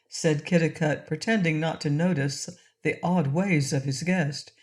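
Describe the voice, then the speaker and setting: A woman narrating a classic children's audiobook in a gentle, clear reading style. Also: sits low, measured pace, hardly any pauses. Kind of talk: storybook narration.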